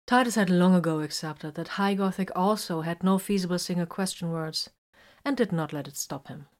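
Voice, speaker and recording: A woman reading a story aloud in a calm, even storytelling manner. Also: on the low side, moderate pace. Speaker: reader.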